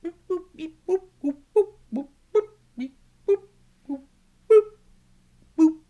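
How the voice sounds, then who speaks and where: A man's voice: very high-pitched, slow, mellow, lo-fi sound, voice pushed up. A man voicing a playful robot cat in a picture book, chanting beeps and boops in a singsong way.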